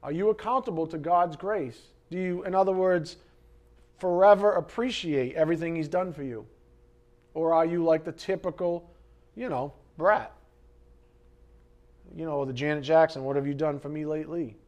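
This pastor's voice is fairly high, and he speaks at a normal speed but stops often. His sermon is animated and chatty, full of jokes for the congregation and shifts between loud, emphatic moments and quiet asides.

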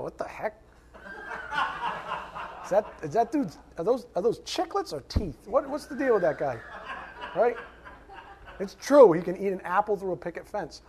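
A man preaching a sermon as pastor, conversational and self-mocking, animated and joking, sometimes shouting. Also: on the high side.

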